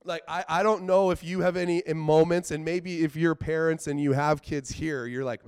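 A man from British Columbia preaching a sermon in an earnest, conversational way. He says "like" often and swings between quiet asides and emphatic outbursts. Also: fairly high pitch, fairly even intonation, moderate pace, hardly any pauses, smooth, no echo, studio quality. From British Columbia, Canada. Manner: earnest, conversational, with frequent filler "like".

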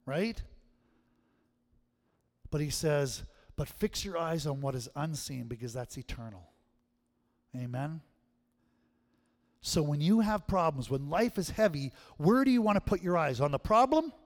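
Dynamic male pastor preaching. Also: a little high. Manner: lively, swings from hushed to loud and emphatic. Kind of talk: sermon. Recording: long hall reverb.

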